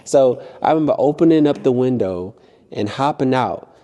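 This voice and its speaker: Animated young man with a dark voice. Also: normal speed. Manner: animated, impulsive storytelling with high-pitched acted-out quotes. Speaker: vlogger. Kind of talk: casual storytelling.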